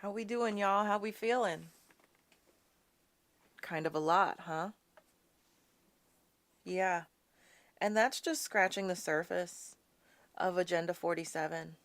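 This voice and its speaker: A woman with a voice on the low side hosts a live political talk show, talking slowly and pausing often. She rants with passion, addresses the audience as "y'all," and mocks the people she quotes in a sassy way.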